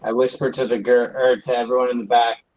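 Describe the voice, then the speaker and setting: A man playing a tabletop game over a video call, making calm, dry remarks. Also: medium pitch, fast, dull audio. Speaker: player. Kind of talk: casual play on a video call.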